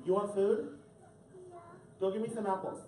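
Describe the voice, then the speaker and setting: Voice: medium pitch, fairly even intonation, moderate pace, warm tone, slight background noise. A drag queen reading a picture book aloud to children, with playful joking asides to the audience. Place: indoor event space with a family audience. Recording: echoey room, far from the mic, crowd.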